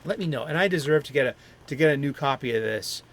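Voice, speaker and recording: A man's voice: mid-range voice, animated, fast talker, a bit bright. A middle-aged man hosting a comics talk stream, chatting in a rambling, enthusiastic way that often stops to correct itself. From Boston area. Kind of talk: casual rambling chat.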